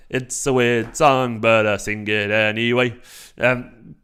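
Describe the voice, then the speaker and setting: A man in his thirties hosting a casual fan livestream, excitable and sweary as he reacts to the chat. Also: mid-range voice, slow pace, clean tone. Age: 30s. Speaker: fan channel livestream host.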